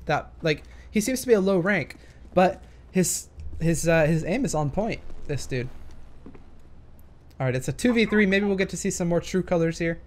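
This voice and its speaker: A man's voice: high-pitched, expressive, normal speed. A young man casually commenting on gameplay footage, thinking aloud and hesitating with many fillers. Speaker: gaming commentator.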